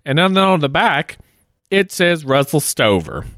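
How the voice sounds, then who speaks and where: Chatty, self-mocking male co-host, slightly high and lively, dry sound. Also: a little slow, no room sound. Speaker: podcast co-host. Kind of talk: casual chat while taste-testing candy. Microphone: studio microphone.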